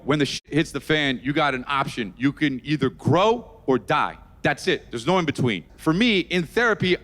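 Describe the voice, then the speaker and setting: A man doing a stand-up comedy set, ranting loudly and swearing a lot. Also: on the high side. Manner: loud, animated ranting with swearing. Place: comedy club stage.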